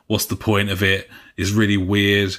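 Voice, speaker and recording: A man's voice: lowish voice, little pitch movement, normal speed, a bit bright. A man co-hosting a casual gaming podcast, chatty and swearing freely between filler sounds. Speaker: podcast co-host.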